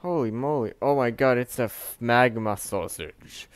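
A young man talks over his mobile game in a smooth, clear voice, recorded close and dry with no room sound. He drawls along at an unhurried pace, muttering to himself, then bursts into loud yells and curses when things go right or wrong. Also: medium pitch, no room sound. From Canada. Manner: excitable, swearing, swings between mumbling and yelling. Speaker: gaming youtuber. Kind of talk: casual gameplay commentary.

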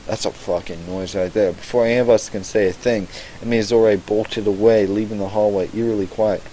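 A man's voice: lowish voice, steady tone, normal speed, a little mellow, slight background noise, low-quality recording. A young man doing gameplay commentary on a visual novel, reading the text aloud with sarcastic, profane asides. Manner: sarcastic, swears a lot, reads text aloud. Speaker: let's-play gamer.

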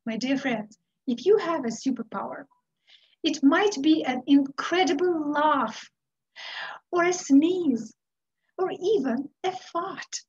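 A middle-aged woman from Uzbekistan telling a story in a speech, with a dramatic, unhurried delivery full of pauses. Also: high-pitched, lively intonation, darkish tone. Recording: dull lo-fi recording.

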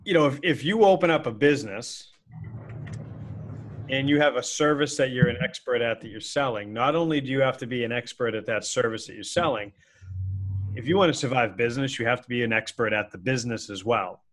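A man's voice: medium pitch, a little fast, fairly bright tone. A man co-hosting a casual business talk show, rambling with many fillers and restarts. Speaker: podcast co-host. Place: office with a whiteboard behind.

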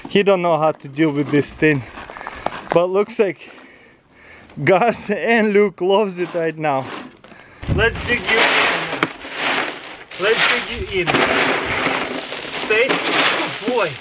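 High-voiced man coaxing his dogs outdoors. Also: takes it slowly, long pauses. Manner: laughs often, coaxing and praising the dogs. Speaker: dog owner vlogging his huskies. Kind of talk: casual outdoor vlog, talking to his dogs. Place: outdoors in a yard. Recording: loud outdoor background noise.

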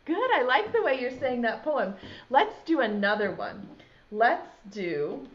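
A woman teaching preschoolers, reciting a rhyme slowly and urging the children to say it back. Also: on the high side, big pitch swings. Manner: exaggerated encouraging, prompts children to repeat. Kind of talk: children's lesson, slow sing-song recitation. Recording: dull lo-fi home video sound.

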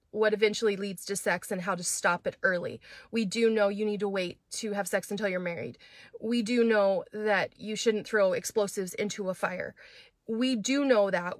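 A middle-aged woman pastor teaching scripture in a lively, conversational way, with fillers and restarts. Her voice sits at a medium pitch. It is recorded close and dry, with no room sound. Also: dry recording. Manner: animated, acts out quoted voices, fillers and restarts. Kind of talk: teaching a Bible chapter, conversational.

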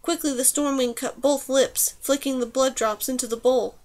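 A woman reading a fantasy novel aloud, her voice on the higher side. She narrates in a steady, even storytelling manner, clear and scripted. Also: moderate pace. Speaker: audiobook narrator.

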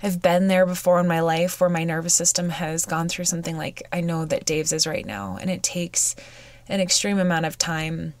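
A woman hosting a personal podcast, weepy and close to tears, speaking in halting, searching phrases with frequent sighs. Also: lowish voice, no room sound. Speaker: podcast host.

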